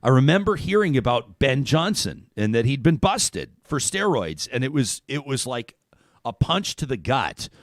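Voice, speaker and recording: A middle-aged Canadian man hosting a talk radio show, animated and chatty, reading listener comments and laughing often. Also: medium pitch, normal speed, dry recording, clean studio sound.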